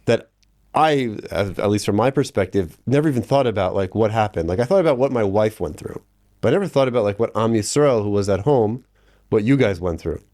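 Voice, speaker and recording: A man hosting a casual interview, talking informally with some halting restarts. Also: lowish voice, lively intonation, a little mellow. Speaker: podcast host.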